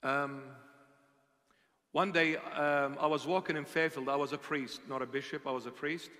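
Passionate bishop, a man with a high, bright, cutting voice, preaching from hushed to loud in a reverberant hall. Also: steady tone, normal speed. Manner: impassioned, swings from hushed to loud. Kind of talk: sermon storytelling.

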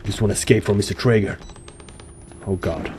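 With a lowish, darkish voice and a fairly quick pace, a young man plays a horror game, muttering to himself, addressing the characters and cursing nervously. A little background noise can be heard.

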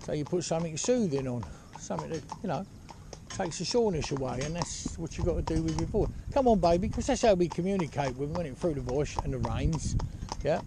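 A man talks easily from the seat of a horse-drawn carriage. He rambles and checks in with the listener as he goes. His voice sits a touch high for a man, with clear road noise and hooves clopping behind it. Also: expressive, fairly quick. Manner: easygoing, rambling, peppered with "you know" and "yeah?". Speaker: horse trainer and carriage driver. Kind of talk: casual spoken advice while driving. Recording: outdoor noise with hoof clip-clop.

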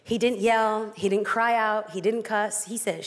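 A woman's voice: medium pitch, steady tone, unhurried. A woman pastor from East Los Angeles preaching a sermon, emphatic and dramatic with playful asides. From East Los Angeles, California. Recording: long hall reverb.

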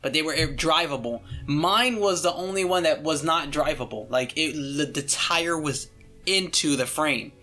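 A man's voice: fairly high pitch, normal speed, pushed and bright, soft background music. A young man hosting his channel and telling a story in a casual, rambling way, full of fillers and casual swearing.

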